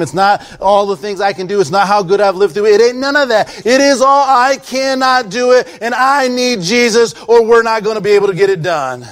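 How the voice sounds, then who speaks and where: A man preaching a sermon as pastor, swinging from quiet pleading to loud shouting. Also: a little high.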